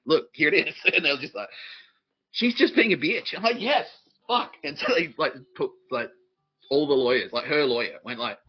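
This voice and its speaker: A man's voice: lowish voice, dull audio. An Australian man hosting a podcast, answering listener questions in a rambling, profane way and laughing often at himself. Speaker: podcast host.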